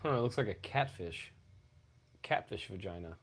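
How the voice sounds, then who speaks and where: A man co-hosting a casual podcast, crude and joking, with frequent profanity and loud bursts. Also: on the low side, lively intonation, normal speed, breathy edge. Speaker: podcast co-host.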